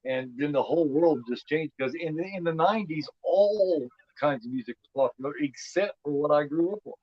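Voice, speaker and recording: A man's voice: fairly high pitch, a little fast, husky, dry recording. Rambling fifty-year-old man, lo-fi. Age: 50s. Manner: rambling, repeats words, says "man" and "you know what I mean". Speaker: host. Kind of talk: casual movie commentary. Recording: dull lo-fi sound.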